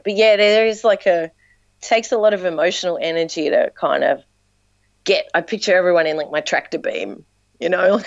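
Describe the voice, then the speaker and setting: An Australian woman chatting on a podcast, telling stories with energy and acting out the people in them. Her voice sits fairly low, and the recording is dry and a little dull. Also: creaky, no room sound. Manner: animated storyteller, acts out quotes. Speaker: dance teacher and performer. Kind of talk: casual podcast chat.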